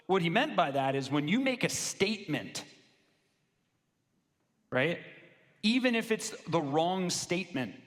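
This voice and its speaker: Energetic man presenting in a big echoey hall. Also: on the high side. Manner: energetic, casual, slangy. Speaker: business coach presenting to law firm owners. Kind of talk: live sales presentation. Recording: long reverb of a large hall.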